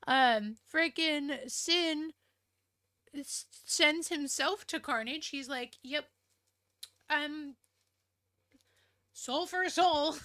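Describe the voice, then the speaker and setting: A woman casually recapping a book she loves, rambling and excitable, with lots of fillers and the odd swear word. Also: a little high. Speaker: book reviewer.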